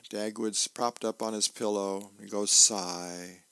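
A man reading the newspaper aloud as a volunteer reader for a radio reading service, plain and unhurried with small slips. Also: on the low side, little pitch movement, gravelly, smooth, no room sound.

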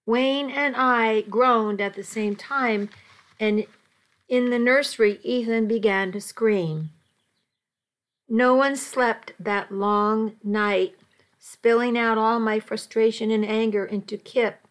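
Slow-reading woman narrator, high voice. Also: fairly even intonation. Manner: slow, with restarts and slips. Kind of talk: amateur audiobook reading.

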